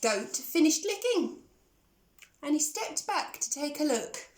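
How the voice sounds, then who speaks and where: Animated woman reading a children's story. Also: high voice, slow. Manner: animated, asks the listener questions. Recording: echoey room.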